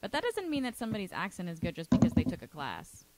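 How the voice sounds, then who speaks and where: A woman's voice: medium pitch, wildly swooping pitch, fast talker, noisy background. A woman on a podcast reading out listener questions and playfully teasing the hosts. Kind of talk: casual podcast chat.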